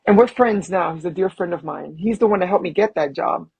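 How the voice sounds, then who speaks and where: A man being interviewed as a guest, a film producer telling animated personal stories and acting out what people said. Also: high-pitched, fairly quick, gravelly, slightly rough, rough recording. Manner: animated storyteller who acts out quotes. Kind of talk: casual interview storytelling.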